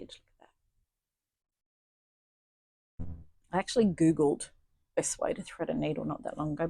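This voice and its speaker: A chatty stitching vlogger muses aloud while working in her home craft studio, often making light of herself. She speaks in a fairly low, gravelly voice with a darkish tone and a breathy edge, and there's no room sound.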